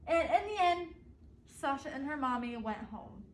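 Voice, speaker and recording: Reading a picture book aloud to children, a woman speaks in a high-pitched, sing-song voice at normal speed and stops between pages to quiz them. A slight hiss or hum sits under an echoey room sound picked up by a distant mic, with faint ambience.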